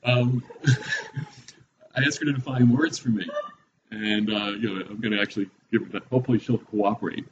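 Lower-voiced middle-aged man teaching scripture. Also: fairly even intonation, brisk, lo-fi sound, noisy background. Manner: conversational, thinks aloud with fillers and asides. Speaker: Bible teacher. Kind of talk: casual Bible teaching.

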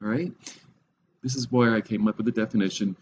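A man's voice: on the low side, fairly even intonation, brisk, darkish tone, lo-fi sound, slight background noise. A middle-aged man giving a casual, conversational Bible teaching, thinking aloud with fillers and asides.

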